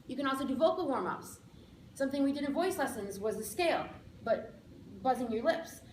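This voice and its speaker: A woman giving a playful, upbeat speech of practical advice to a speaking club, with emphatic slowed-down lines. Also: high-pitched, expressive. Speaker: public speaker. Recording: echoey room, faint background noise.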